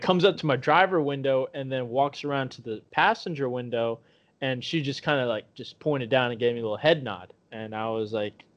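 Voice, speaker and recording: A man co-hosting a podcast, telling a profane story and acting out the voices of the people in it. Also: medium pitch. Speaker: podcast co-host. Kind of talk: casual storytelling chat. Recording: dull lo-fi podcast audio.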